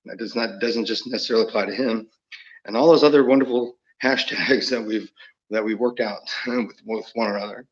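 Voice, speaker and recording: A man's voice: on the low side, fairly even intonation, brisk, dull audio. A man talking in a rambling monologue, chuckling often and slipping into quoted voices. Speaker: channel host.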